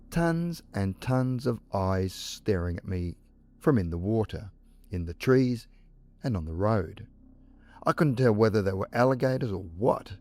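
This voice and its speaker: A man reading first-person ghost stories as scripted narration, measured and with dramatic pauses. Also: lowish voice, darkish tone.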